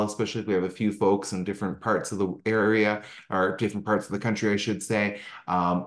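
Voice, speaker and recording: Chatty man with an echoey mic. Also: on the low side. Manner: chatty, with frequent fillers and self-corrections. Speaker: travel agent presenting a travel talk. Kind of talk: online presentation. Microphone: video call. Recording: echoey room.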